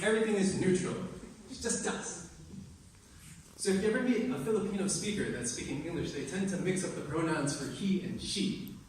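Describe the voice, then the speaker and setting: A young American man does loose, profane stand-up, tossing exasperated questions at the crowd. His slightly high voice comes from far off the microphone and rings through a very reverberant room. A steady wash of ambient noise sits underneath. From United States. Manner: crude, exasperated, chatty asides to the crowd. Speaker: stand-up comedian. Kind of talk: impromptu stand-up comedy. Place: open mic venue. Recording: echoey room, distant mic, crowd ambience.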